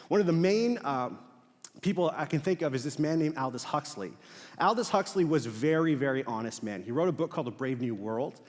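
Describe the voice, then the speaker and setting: A young man preaching a sermon as pastor, telling stories in a casual, animated way with fillers and laughs. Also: fairly high pitch. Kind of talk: sermon with storytelling. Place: large church auditorium. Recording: long hall reverb.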